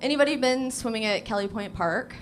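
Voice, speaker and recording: A woman's voice: on the high side, a little fast, a little hiss or hum. A young woman doing a crude, self-mocking stand-up set on a small cafe stage, with lots of fillers. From Portland, Oregon. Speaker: stand-up comedian.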